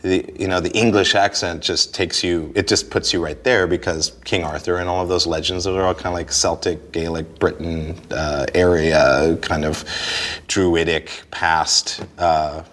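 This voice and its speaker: A man with a very deep, low voice chats loosely in an interview, looping back over his words. He laughs easily and keeps restarting his thoughts as they come to him. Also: fairly even intonation, normal speed, fairly bright tone. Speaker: guest, stage performer. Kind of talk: casual interview conversation.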